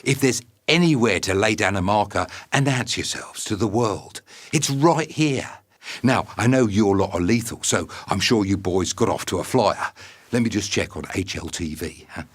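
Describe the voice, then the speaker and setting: A man's voice: fairly low pitch, lively intonation, normal speed, breathy edge. A man delivering a brash, teasing comedic message full of swearing. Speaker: fighter sending a video message. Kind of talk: comedic scripted monologue.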